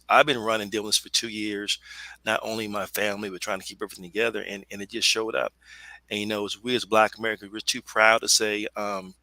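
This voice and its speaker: A middle-aged man speaking on a webinar panel in an earnest, halting, emotional way. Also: fairly low pitch, level tone, pushed and bright, dry recording, low-quality recording. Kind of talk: personal testimony in a webinar.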